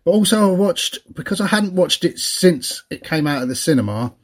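Guy rambling on his podcast, kinda husky, laughs a lot. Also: a little high, lively intonation, moderate pace. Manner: chatty, rambling, laughs often. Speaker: podcast co-host. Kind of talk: casual chat.

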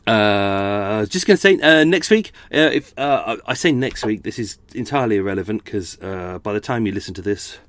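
A man's voice: fairly low pitch, animated, normal speed, few pauses, a bit bright, no room sound. A middle-aged man hosting a podcast at home, tired and chatting in a rambling, self-correcting way. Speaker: podcast host. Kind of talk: casual chat. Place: at home indoors.

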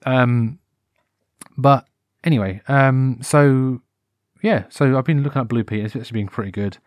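A British man holds forth alone on his podcast at a normal speed, his voice mid-range and the recording free of echo. It's an unscripted, meandering monologue full of self-corrections, brightened by animated put-on voices, captured on a wired headset mic.

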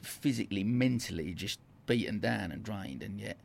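A man's voice: on the low side, normal speed, creaky. A man hosting a podcast in casual interview chat, loose and rambling, full of "like" and "you know". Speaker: podcast host.

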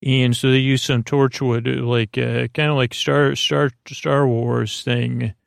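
A man recaps an episode for a sleep podcast, wandering through it with constant fillers and restarts. His voice stays flat and level, with a gravelly fry. The sound is close and dry. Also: mid-range voice, dry recording. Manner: meandering, halting, full of fillers and restarts. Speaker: podcast host.

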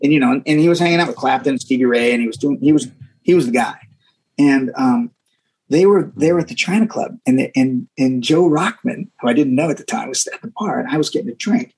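A man, a guest musician, telling stories in a casual interview, animated and often repeating words as he acts out what people said. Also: mid-range voice, quick pace, slightly rough, poor audio.

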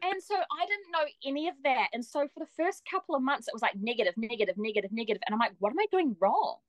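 A young woman tells her story as a podcast guest, bubbly and laughing often. She acts out quoted lines with playful shifts. Her voice sits a little high, and the sound is dry. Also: fast, no echo, rough recording. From New Zealand. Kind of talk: casual storytelling.

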